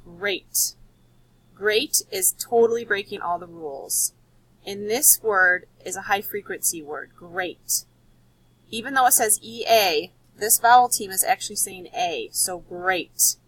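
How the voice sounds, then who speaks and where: ゆっくり話すハスキーな女性教師. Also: female voice, mid-range voice, fairly bright tone, breathy edge, no room sound, low-quality recording. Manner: patient, explains slowly and repeats words. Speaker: teacher. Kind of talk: recorded spelling lesson for children.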